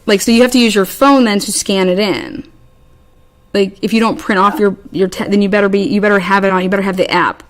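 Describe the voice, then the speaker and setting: Speaking fast with fairly even intonation and medium pitch, a podcast co-host rambles through a story in exasperated fashion. She curses freely and keeps restarting her sentences in this casual storytelling chat.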